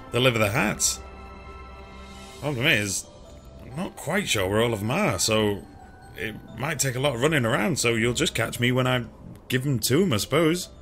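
Guy doing lively let's play commentary, laughs a lot, game music behind. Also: mid-range voice. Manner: chatty, laughing, self-mocking. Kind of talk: gameplay commentary.

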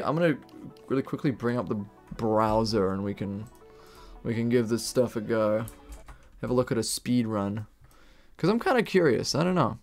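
Young New Zealand man, rambling gamer-streamer energy, mid-pitched voice, faint game music underneath. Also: darkish tone. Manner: rambling, laughing, swearing casually. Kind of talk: casual live-stream gaming chat.

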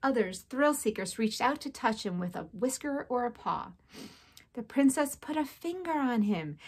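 A woman teacher at home, reading a children's novel aloud to her class with a clear, expressive delivery. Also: a little high, normal speed.

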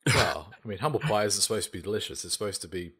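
A man's voice: on the low side, animated, fast, sharp tone, slightly rough. A man hosting a casual gaming podcast, laid-back and joking as he steers the topics. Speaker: podcast host.

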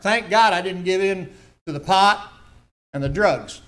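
A man's voice: sits high, a little slow, pauses often, fairly bright tone. An older man, giving a personal testimony in church, telling his story earnestly with emphatic repetitions.

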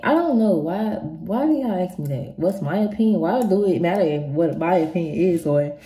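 A woman's voice: low voice, warm tone. A young woman vlogger casually answering viewer questions, blunt and swearing freely, rambling and restarting her sentences. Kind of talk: casual Q&A chat. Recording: echoey room.

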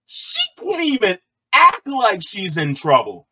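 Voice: medium pitch, huge pitch swings, slow pace, sharp tone, slightly rough, low-quality recording. A commentary vlogger reacting to a clip in a sarcastic, exclamatory way.

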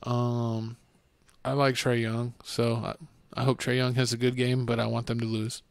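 A male podcast host with a crackly yet smooth voice talks sports in a flat, even tone. His jokes and insults come out blunt. The sound is close and dry. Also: medium pitch, normal speed, no echo. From Texas. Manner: joking, blunt trash talk. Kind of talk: casual sports chat. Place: home studio podcast.

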